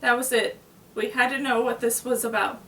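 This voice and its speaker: Woman, reading a novel aloud, fairly high voice, plain steady delivery, small slips, far from mic, echoey room. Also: normal speed, a little hiss or hum. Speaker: reader.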